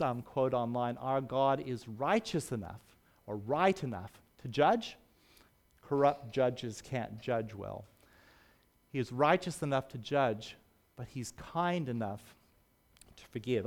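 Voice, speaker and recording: A man preaching a sermon. He speaks earnestly and leans hard on his key words. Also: on the high side.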